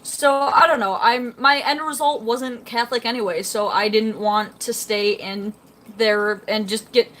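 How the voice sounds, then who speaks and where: A woman's voice: fairly high pitch, steady tone, measured pace, fairly bright tone. A young woman chatting casually on a live stream, rambling and reading out chat comments beside her fish tank at home. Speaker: fish-keeping livestreamer.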